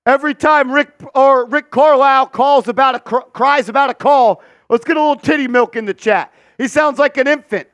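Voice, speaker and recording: A man with a high voice calls a basketball game play-by-play for a fan watch party. He is excitable, profane and mocking. The sound is dry and close, with no room around it. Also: a little fast, hardly any pauses, dry recording.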